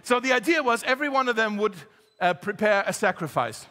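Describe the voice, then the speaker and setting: A man preaching a sermon to a congregation, lively and joking, getting the crowd to join in. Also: high voice, brisk, in a large hall. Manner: lively, jokey, talks straight to the congregation. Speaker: pastor. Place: church hall.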